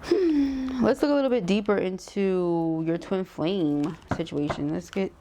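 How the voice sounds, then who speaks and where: A woman's voice: mid-range voice, unhurried, dark tone. A woman with a sore throat giving a casual, emphatic tarot reading, full of slang and rhetorical questions. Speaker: tarot reader.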